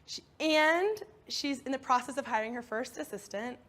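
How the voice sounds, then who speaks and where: Woman, coach, storytelling talk, expressive, slightly high voice. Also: normal speed. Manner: expressive, acts out inner voices. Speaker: speaker, coach.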